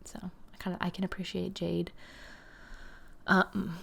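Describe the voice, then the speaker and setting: A woman's voice: fairly low pitch, a little fast, gravelly, a bit bright. A young woman in her twenties chatting through gameplay commentary, rambling with lots of fillers and sometimes dropping to a whisper. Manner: chatty and rambling, with frequent "like" and "um" and some laughter. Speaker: gaming channel host.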